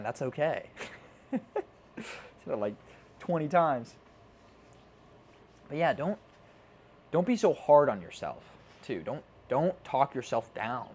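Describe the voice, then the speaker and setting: A man's voice: mid-range voice, a little mellow. A man coaching viewers on self-improvement in a casual, earnest motivational talk, often repeating himself and swearing now and then. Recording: faint background noise.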